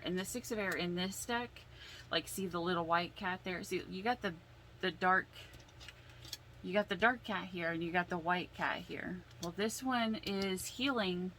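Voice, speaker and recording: A woman giving a casual tarot reading, slow and emotional, sighing and holding back tears as she explains the cards. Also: lowish voice, a bit bright, a little hiss or hum, rough recording. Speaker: tarot reader.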